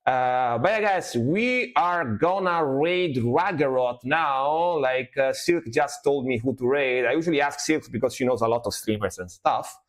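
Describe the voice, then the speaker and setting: A man's voice: medium pitch, a little slow, few pauses. A man from Italy with an Italian accent, a music reaction streamer chatting casually on a livestream, explaining at length with many fillers.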